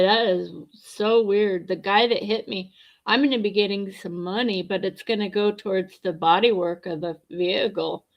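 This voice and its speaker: A woman's voice: medium pitch, lo-fi sound. A middle-aged woman livestreaming, chatting bluntly and answering her viewers' comments as she goes. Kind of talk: casual livestream chat.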